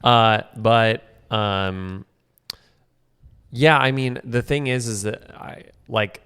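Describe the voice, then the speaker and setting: A man's voice: medium pitch, steady tone, slow, a bit bright, clear, resonant tone, big-room sound. A young man co-hosting a podcast in casual chat, joking and self-mocking, often restarting his sentences. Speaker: podcast co-host.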